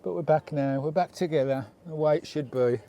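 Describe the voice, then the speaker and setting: A man's voice: fairly high pitch, fairly quick, mellow. A British man vlogging casually from his camper van at a campsite, chatty and doting as he talks to his dog. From United Kingdom. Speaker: vanlife vlogger. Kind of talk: casual vlog chat.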